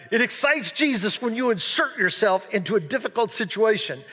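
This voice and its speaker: A man preaching a sermon as pastor, animated and playful, acting out excited exclamations. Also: high voice, moderate pace, husky, in a large hall. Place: large church hall.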